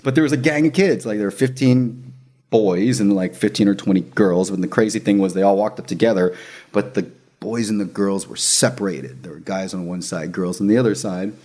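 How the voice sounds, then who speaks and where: In casual chat, a man with a lowish voice tells a story at a brisk, animated clip. He laughs often and acts out the voices of the people involved.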